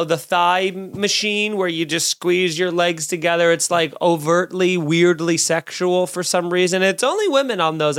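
A man in his thirties hosting a podcast alone, doing a sarcastic comedic monologue with loud bursts and muttered asides. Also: high-pitched, clean tone. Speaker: podcast host. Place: home studio, recording alone.

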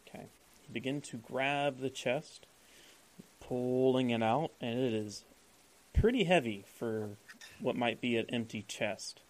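A game master describing the scene to his players. He is a man with a medium-pitched voice and a loose, relaxed narrating manner. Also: measured pace, rough recording.

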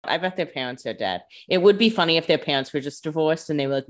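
A woman co-hosts a casual podcast, reacting to her partner with dry, joking comments. Her voice sits noticeably low. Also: very fast, hardly any pauses. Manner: wry, joking asides. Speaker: podcast co-host. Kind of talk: casual chat.

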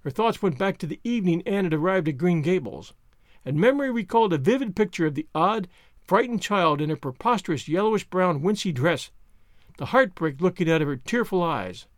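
Male audiobook narrator, high pitched, expressive, dry booth sound. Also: brisk, dry recording. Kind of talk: scripted narration.

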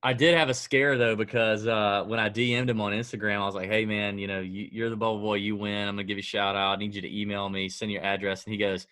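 A man's voice: lowish voice, little pitch movement, quick pace, few pauses, pushed and bright, dry recording. A man hosting a casual sports-betting podcast, joking and self-mocking as he chats with his co-host.

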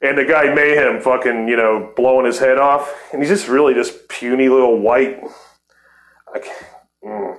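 A man's voice: medium pitch, moderate pace, a bit bright, reverberant. A man in his forties hosting a podcast, talking in a heated, profane casual chat and laughing often. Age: 40s. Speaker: podcast host.

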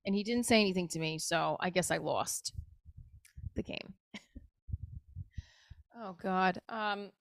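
A woman's voice: on the low side, measured pace, long pauses, no echo, clean studio sound. A woman talking candidly and emotionally in a rambling personal monologue, swearing casually as she goes. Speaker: show creator talking to camera.

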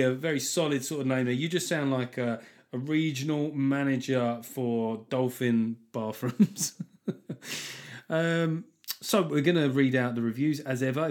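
A man hosting a comedy podcast alone, chatting casually and mocking things with plenty of swearing. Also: mid-range voice. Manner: sweary, mocking, riffs between readouts. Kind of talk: casual solo podcast chat.

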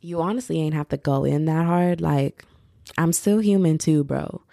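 Low-pitched woman, gravelly, slangy rambling, young adult podcast host, dry close sound. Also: moderate pace, mellow, no echo. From United States. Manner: rambling and slangy, heavy on filler "like". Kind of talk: casual podcast monologue.

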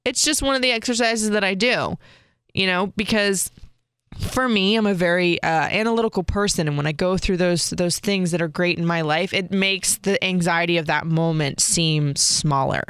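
Candid woman telling a story, smooth voice. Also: on the low side, moderate pace, no room sound, clean studio sound. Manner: candid and expressive, talks straight to viewers. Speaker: vlogger. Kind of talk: casual personal storytelling.

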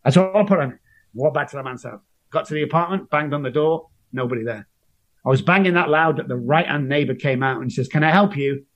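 A man with a slightly high voice talks fast, and the recording's high frequencies are cut off. He's an interview guest telling his own story in an earnest, emotional way, acting out the voices of people he quotes.

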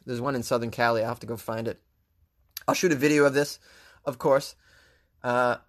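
Fields: Sex: male. Role: host. Style: sarcastic comedic news commentary. Pitch: medium. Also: fairly bright tone. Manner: sarcastic, riffing.

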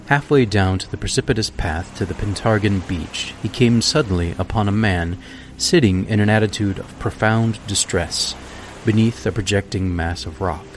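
A man hosting a podcast, reading a classic story aloud in a measured, deliberate way. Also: fairly low pitch, slight background noise. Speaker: podcast host. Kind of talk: scripted narration of a classic story.

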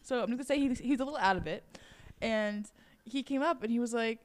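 A woman's voice: fairly high pitch, brisk. A young woman co-hosting a casual podcast, telling a story with frequent giggles. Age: young adult. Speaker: co-host, desk assistant.

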